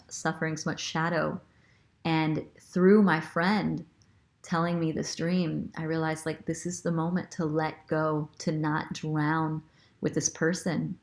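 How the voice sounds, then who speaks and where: A woman hosting a spiritual show, telling a personal story in an earnest, reflective way with fillers and restarts. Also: sits low. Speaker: spiritual guide and host.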